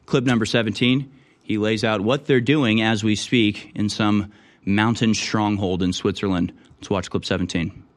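A man's voice: lowish voice, steady tone, normal speed. A man hosting a talk show, talking casually and sarcastically, building to heated rants. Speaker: show host.

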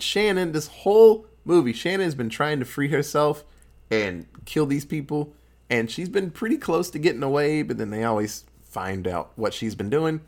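A man casually recapping a film plot, swearing freely and acting out the characters' lines in quick put-on voices. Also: on the high side. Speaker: podcast co-host recapping a film. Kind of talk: casual chat.

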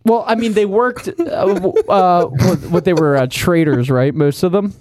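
A man's voice: high-pitched, normal speed, dry recording. A young man, telling stories animatedly in casual banter and often restarting mid-sentence. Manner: animated storyteller, stumbles and restarts. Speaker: podcast co-host.

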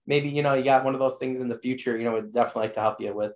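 A man's voice: medium pitch, fairly even intonation, racing. A man hosting a podcast interview, rambling with lots of fillers, enthusiastic, and losing his voice. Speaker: podcast host. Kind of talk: casual interview wrap-up.

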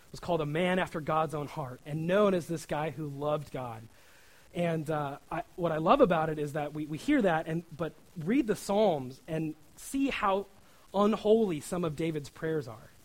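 A man with a slightly high voice gives a sermon in a loose, conversational style. He keeps checking in with his listeners and acts out the prayers he quotes. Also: low-quality recording. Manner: informal, often asks "right?", acts out quoted prayers. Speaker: preacher.

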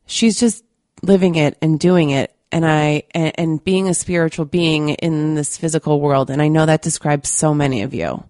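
A woman's voice: low-pitched, fairly even intonation, moderate pace, darkish tone, no echo, studio quality. A woman hosting a podcast, talking candidly and earnestly to her listeners, still a little stuffy from a cold. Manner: candid and earnest, with many fillers. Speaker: podcast host. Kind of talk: casual monologue to listeners.

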